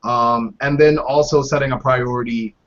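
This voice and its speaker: A man hosting a casual podcast, chatting about news with jokes and quick asides. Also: mid-range voice, fairly even intonation, fairly bright tone. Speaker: podcast host. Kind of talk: casual political chat. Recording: dull lo-fi podcast audio.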